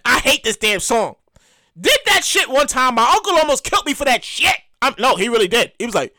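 A man's voice: very high voice, fairly quick, no room sound. A young man hosting a show, delivering a rambling, profane, comedic rant. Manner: rambling, repetitive, profane, excitable. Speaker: podcast host.

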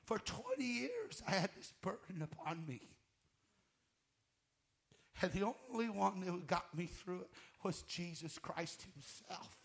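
Gravelly high-pitched preacher giving testimony. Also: male voice, unhurried, long pauses. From United States. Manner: emotional testimony, voice rising to loud fervor and dropping to near-whisper. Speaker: guest minister. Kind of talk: sermon.

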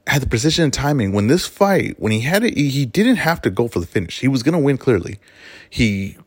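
Here a man of Mexican heritage, hosting his podcast solo, rants emphatically about fights and keeps correcting himself as he goes. The voice is lowish and slightly rough, and the recording is dry.

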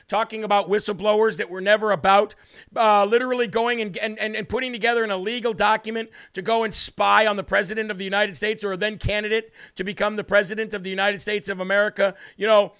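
A man's voice: sits high, a bit bright, clear, resonant tone. A man hosting a political commentary show, combative and mocking, with emphatic delivery. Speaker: host.

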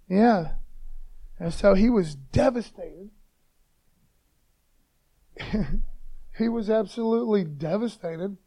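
Brief: high-voiced, gravelly man preaching casually, fired-up and conversational. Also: darkish tone. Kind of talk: informal devotional talk.

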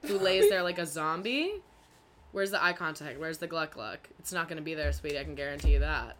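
A young woman co-hosting a podcast in casual chat, brash and loud, swearing freely and gossiping. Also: sits low, lively intonation, fairly quick, slight background noise. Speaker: podcast co-host.

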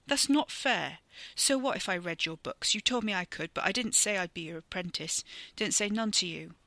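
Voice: mid-range voice, normal speed, bright, forceful tone, dry recording. A storyteller voicing a frightened, starving young man who talks in a panicky, defiant way. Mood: panicked.

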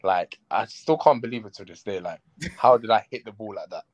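A man from London with a London accent, a podcast guest talking reflectively and quietly, with many fillers. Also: on the low side, a little fast, lo-fi sound. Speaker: guest footballer. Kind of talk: casual podcast interview.

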